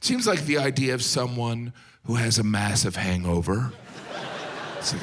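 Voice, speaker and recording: A middle-aged American man doing a stand-up set, deadpan, slipping into silly voices for the people he quotes. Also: medium pitch, normal speed, background noise. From United States. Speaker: stand-up comedian. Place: live comedy venue with audience.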